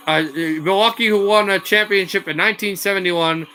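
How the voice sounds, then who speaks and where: A man doing amateur live play-by-play commentary, calling the action quickly with slips and self-corrections and rising to shouts on big plays. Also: high-pitched, steady tone. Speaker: play-by-play streamer.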